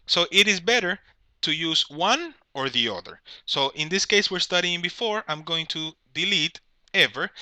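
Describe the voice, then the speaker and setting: A man's voice: fairly high pitch, sharp tone, clean tone, dry recording. A man teaching an English grammar lesson, explaining patiently, checking in with "all right?" and correcting himself as he goes. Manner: corrects himself mid-sentence.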